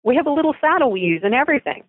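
A woman voicing a polite, calm male animal handler in a story reading. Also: sits high, rapid-fire, dry recording, voice pushed up. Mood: coaxing. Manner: calm, reassuring. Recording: phone line.

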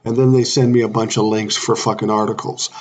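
A man's voice: fairly low pitch, little pitch movement, quick pace. A man in his sixties hosting a solo podcast, talking bluntly and irritably, swearing often. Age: 60s. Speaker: podcast host.

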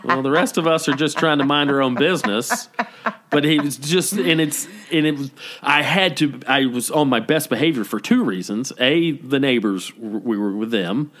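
A man co-hosting a casual podcast chat, telling a story with lively, animated delivery and acting out what people said. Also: moderate pace. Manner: animated storytelling, acting out quoted lines with big pitch jumps. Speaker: podcast co-host. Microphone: podcast microphone.

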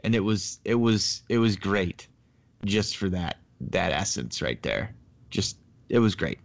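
A man co-hosting a casual sports talk show, relaxed and agreeable. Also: low-pitched, a little slow, gravelly. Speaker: podcast co-host.

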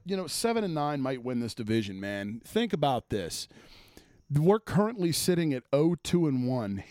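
A man's voice: medium pitch, warm tone, dry recording, studio quality. Profane, exasperated sports podcast man. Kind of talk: casual sports rant.

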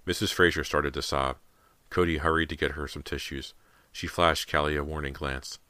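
A man narrating a horror audiobook in a measured storytelling manner. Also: extremely low pitch, fairly even intonation, bright, forceful tone, no room sound.

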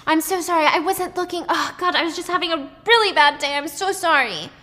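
A woman voicing a flustered, sharp-tongued young waitress who snaps at a customer and panics in a crisis, in a told story. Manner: shrill, rapid, panicky outbursts.

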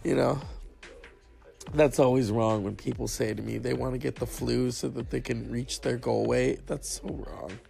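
A man's voice: medium pitch, fairly even intonation, normal speed, vocal fry, warm tone. A man sick with a cough, ranting casually and sarcastically with lots of profanity as the host of a solo talk show. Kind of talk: casual rant.

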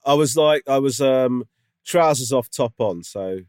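A man's voice: mid-range voice, lively intonation, a little slow, darkish tone, clear, resonant tone, no room sound, studio quality. A man co-hosting a podcast, chatting casually and telling a rambling story full of fillers. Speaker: podcast co-host. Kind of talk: casual chat.

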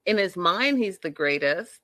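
A sassy woman vlogger recapping a show in a casual, animated way, talking straight to her viewers. Her voice is bright and forward, and she takes her time with her words. The recording is close and dry. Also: fairly low pitch, measured pace, no echo. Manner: animated, sassy, addresses viewers as y'all, acts out quotes.

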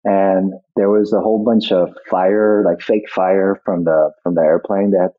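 Man, guest interview, reflective storytelling, husky voice, phone-line sound. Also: low-pitched, steady tone, measured pace. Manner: reflective storyteller, many restarts. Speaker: actor guest. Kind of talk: interview conversation.

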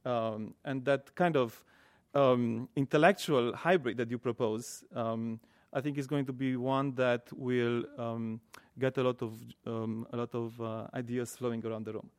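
Male moderator, halting academic intro, lots of ums, dry close sound. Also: mid-range voice, steady tone, clear, resonant tone, dry recording. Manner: hesitant, many fillers. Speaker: event moderator. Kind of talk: formal introduction.

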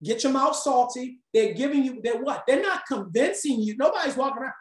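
A woman instructor leads a live class with animated storytelling. She acts out quotes with lively swings in voice. The room is echoey. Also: sits high, normal speed, hardly any pauses. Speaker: communication instructor.

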